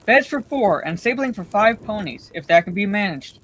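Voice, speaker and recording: A woman's voice: medium pitch, lively intonation, normal speed, a bit bright, a little hiss or hum, natural voice. A woman voicing a polite young male hobbit traveler in a storybook reading, speaking carefully.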